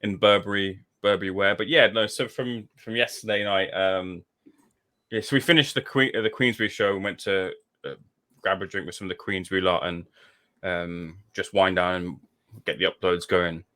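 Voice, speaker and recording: A man's voice: low voice, normal speed. A man, a guest on a podcast, telling a casual story and acting out the dialogue. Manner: animated storyteller, acts out dialogue.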